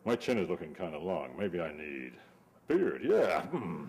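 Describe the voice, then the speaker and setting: A man doing a cartoon president who stands at his mirror, humming and musing aloud. The voice sits low and easy, unhurried and thoughtful. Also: very animated, gravelly, darkish tone, breathy edge, full character voice. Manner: musing, hums to himself.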